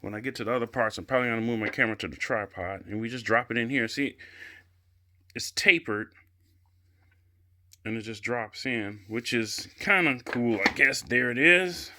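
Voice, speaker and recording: A man's voice: mid-range voice, normal speed, bright, forceful tone. A man from Chicago casually reviewing a gaming chair as he assembles it at home, chatty and rambling, with lots of "I guess" and "you know", recorded on a handheld camera mic. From Chicago area. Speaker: product reviewer. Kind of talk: casual unscripted product review.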